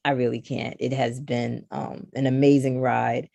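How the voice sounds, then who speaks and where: Low, gravelly woman telling lively stories. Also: measured pace, no room sound. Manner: animated storyteller who acts out others' lines. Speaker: podcast guest, knitting designer. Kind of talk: casual conversation.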